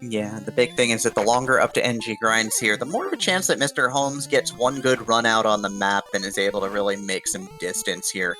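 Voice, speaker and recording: A man's voice: on the low side, fairly quick, few pauses, bright, forceful tone, faint music behind. A man commentating a video game tournament, upbeat and explaining the rules of the game to viewers. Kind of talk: esports play-by-play commentary.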